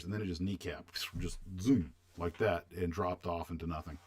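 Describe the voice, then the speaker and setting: Very deep-voiced older man reminiscing. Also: normal speed, a little mellow. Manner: rambling, reminiscing, answers chat questions. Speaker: livestream host. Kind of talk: casual chat with viewers.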